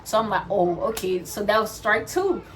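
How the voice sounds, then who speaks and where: Animated young woman telling a work story. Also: medium pitch, fairly quick. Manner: animated, acts out quotes, addresses viewers as y'all. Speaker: vlogger. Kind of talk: storytime chat while doing hair.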